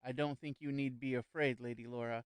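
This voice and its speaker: A composed young gentleman with a wry, lightly amused way of talking, his voice smooth and clear, as a male narrator plays him. It is mid-pitched and sounds dry and close, as in a storybook reading. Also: fairly even intonation, a little fast, no echo, natural voice. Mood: calm.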